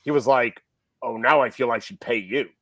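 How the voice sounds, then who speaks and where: A man's voice: medium pitch, normal speed, no echo. A middle-aged man, a film director and podcast guest, telling a story and acting out the people he quotes. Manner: animated, acts out quoted people. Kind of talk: casual storytelling.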